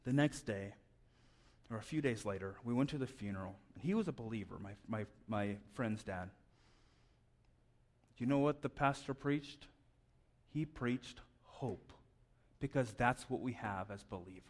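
A man's voice: mid-range voice, moderate pace, pauses often. A man preaching a sermon in a conversational way, often stammering and repeating words. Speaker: pastor.

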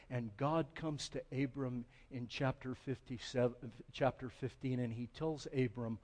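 A man preaching a sermon as pastor, moving from quiet, deliberate phrasing to loud, impassioned delivery. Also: medium pitch, steady tone, long reverb tail.

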